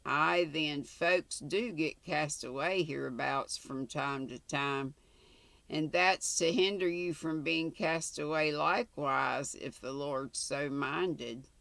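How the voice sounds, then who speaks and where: A sulky, gruff old countryman with a lantern, as an older woman puts him on speaks in slow, grudging words and a rough Scottish-sounding burr. His voice grates with a gravelly edge. The sound is dry and close, with no room around it. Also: low-pitched, a bit bright, dry recording, heavily acted. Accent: attempted Scottish. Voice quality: gruff, growling. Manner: slow, grudging, broad rural dialect.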